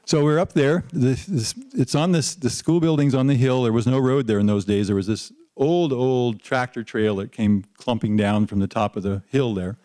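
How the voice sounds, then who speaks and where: A man's voice: medium pitch, moderate pace, hardly any pauses. An older man on a panel telling an anecdote about his teaching days, often chuckling and restarting his sentences. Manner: lively storyteller who chuckles and restarts often. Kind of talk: anecdotal storytelling.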